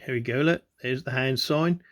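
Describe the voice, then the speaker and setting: A man's voice: mid-range voice, normal speed, a bit bright. A man giving rambling commentary over video clips, repeating himself constantly and urging the listener to look. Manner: repetitive, keeps saying "look" and "you know what I mean". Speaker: conspiracy video host.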